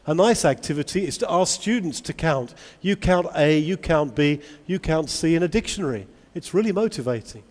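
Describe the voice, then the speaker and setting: Man, conference speaker, raised pitch, animated, quizzing the audience, long hall reverb. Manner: animated, asks the audience many questions. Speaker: conference speaker on teaching English. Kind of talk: lively conference talk to teachers. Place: large convention hall.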